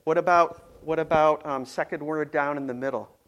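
A man's voice: a little high, fairly even intonation, moderate pace, fairly bright tone. A man preaching a casual, conversational sermon, playful and full of ums and restarts. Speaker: pastor.

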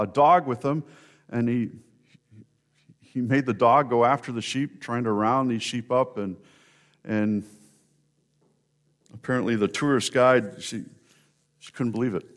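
A man's voice: mid-range voice, normal speed, pauses often. A man preaching a sermon, telling stories in a conversational way and speaking directly to members of the congregation. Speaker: pastor.

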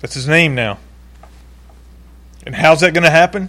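A male pastor preaching a sermon in an animated way, acting out quoted voices and laughing now and then. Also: a little high, normal speed.

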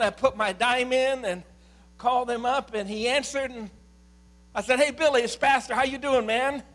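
A middle-aged man preaching a sermon as a pastor, swinging from impassioned shouting to quiet storytelling. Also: very high-pitched.

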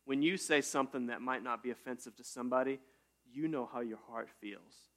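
A man preaching a casual sermon in a church, talking to his congregation like friends. He jokes often and breaks into sudden loud bursts before settling back down. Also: medium pitch, fairly quick. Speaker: pastor. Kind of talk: conversational sermon.

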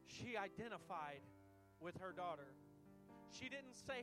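A man's voice: high voice, expressive, a little slow, pauses often, music in the background. A man preaching a sermon, impassioned and building in intensity, asking the congregation for "amen" and "okay" as he goes.

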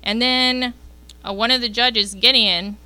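Bright, clear-voiced woman leading youth group. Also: on the high side, fairly even intonation, a little slow, no room sound. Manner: chatty, checks in with the group with frequent "okay?". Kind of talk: casual Bible lesson to teens.

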